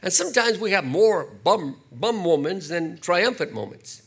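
Older man preaching with husky voice. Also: sits high, unhurried. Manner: animated preaching with acted quotes and asides. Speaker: pastor. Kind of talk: sermon.

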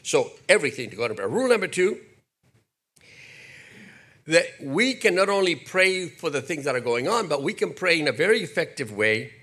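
Older man preaching with husky voice. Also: on the high side, normal speed. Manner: animated preaching with acted quotes and asides. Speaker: pastor. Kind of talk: sermon.

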